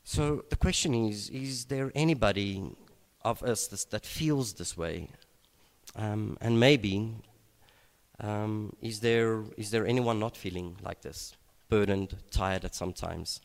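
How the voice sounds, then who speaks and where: A man preaching a sermon at an evening gathering, unhurried and reflective, with frequent hesitations and restarts. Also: lowish voice, creaky. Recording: long reverb of a large hall.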